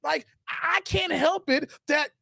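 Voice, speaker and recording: A man's voice: extremely high pitch, a little slow, creaky, bright, forceful tone, dry recording, studio quality. A man hosting a casual livestream, reading viewer comments and teasing them playfully with slang. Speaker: livestream host.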